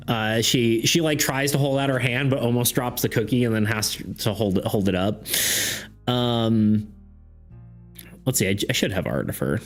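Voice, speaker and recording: A man's voice: medium pitch, normal speed. A man running a tabletop game on stream, narrating loosely with frequent laughter and self-deprecating asides. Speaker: game master. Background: faint background music.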